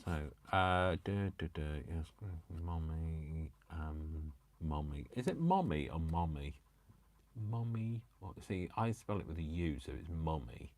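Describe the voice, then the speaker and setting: A man's voice: rumbling low, lively intonation, unhurried, darkish tone. A man hosting a live crafting stream, chatting casually and making fun of himself as he cuts paper. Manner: chatty, self-mocking, jokes to himself and the viewers. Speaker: crafting channel host.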